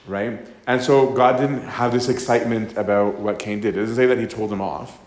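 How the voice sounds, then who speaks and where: A man's voice: fairly low pitch, steady tone, unhurried, darkish tone, reverberant. A man giving a casual, conversational sermon, reading scripture and then talking it through, often tagging his lines with "right?". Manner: conversational, tags lines with "right?", acts out voices. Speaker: priest giving a talk.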